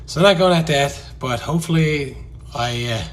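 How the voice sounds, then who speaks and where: A man's voice: on the high side, moderate pace. A man with a Newfoundland accent, a little congested from a head cold, introducing himself casually and modestly with hesitant uhs. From Newfoundland, Canada. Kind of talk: casual selfie-video introduction.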